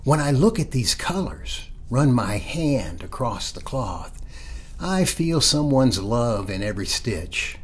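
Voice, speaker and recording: A man's voice: mid-range voice, big pitch swings, takes it slowly, slightly rough, voice pushed up, full character voice. A man voicing a confused elderly mother whose memory is fading, asking over and over in a pleading, bewildered way.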